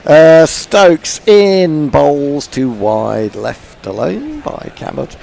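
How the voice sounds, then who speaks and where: A man's voice: on the high side, big pitch swings, drawn-out words, vocal fry, darkish tone. A man doing ball-by-ball cricket commentary, chatty with dry humour.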